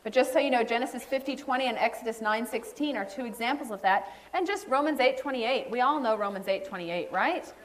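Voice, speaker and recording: A woman's voice: a little high, lively intonation, a little fast, hardly any pauses. A middle-aged woman preaching a sermon, telling stories and acting out the voices of the people she quotes.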